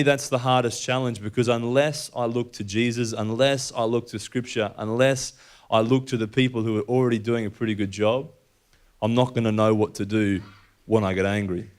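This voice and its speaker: Young man, storytelling faith speaker, conversational, average pitch. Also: clean tone. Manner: conversational storytelling, acting out dialogue. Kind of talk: personal faith talk to an audience.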